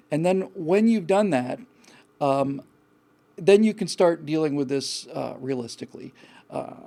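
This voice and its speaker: A man's voice: a little high, vocal fry, mellow. A man hosting a live call-in show, giving blunt, frank advice in a rambling way with many restarts. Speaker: host.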